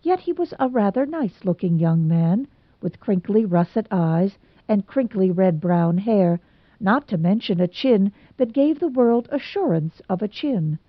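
A woman narrating a storybook in an expressive reading voice. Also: mid-range voice, unhurried, no echo. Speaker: audiobook narrator. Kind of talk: scripted narration. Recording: dull lo-fi recording.

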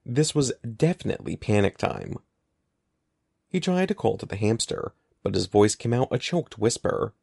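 A man narrating an audiobook in an expressive, lively storytelling manner. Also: medium pitch, moderate pace, creaky, husky, no echo, studio quality. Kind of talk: scripted narration.

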